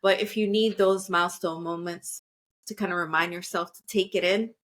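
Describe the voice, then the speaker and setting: A woman's voice: on the low side, fairly even intonation, normal speed, fairly bright tone. A woman co-hosting a podcast in casual chat, talking in a reflective, rambling way with many fillers. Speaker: podcast co-host.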